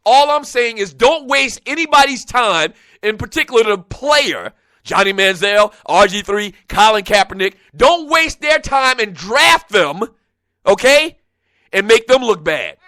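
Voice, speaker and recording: Fired-up sports talk host, high bright voice. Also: male voice, animated, measured pace, dry recording. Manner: fired up, exclaiming, repeats himself. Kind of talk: animated sports talk rant.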